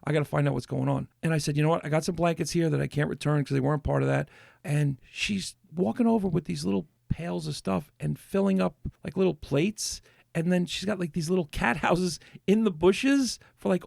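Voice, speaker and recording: Man, podcast host, gravelly, slightly high voice, rambling casual chat, dry close mic. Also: a little fast, darkish tone, no room sound. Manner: rambling storyteller with many restarts.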